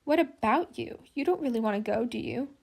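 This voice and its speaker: A bold, sardonic young man with a teasing, wry way of talking, as a woman voices him. The tone is bright with a gravelly undertone. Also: fairly high pitch, animated, brisk, full character voice.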